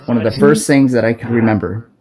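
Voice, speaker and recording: A man's voice: mid-range voice, quick pace, mellow. A man from Arizona recording on his smartphone, delivering an urgent, profane spiritual warning with frequent stumbles and restarts. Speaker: self-made video preacher. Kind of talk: impassioned spiritual warning monologue.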